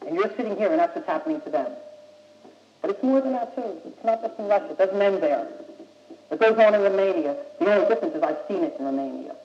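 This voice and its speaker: Young American man, high voice, blunt and insistent talker; old muffled tape in an echoey room. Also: animated, quick pace, a little hiss or hum. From United States. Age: young adult. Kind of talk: impassioned speech.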